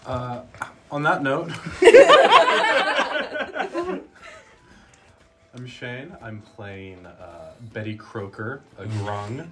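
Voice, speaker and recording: A man introducing his character at a tabletop game, halting and repeating himself. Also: medium pitch, wildly swooping pitch. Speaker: player. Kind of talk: casual chat.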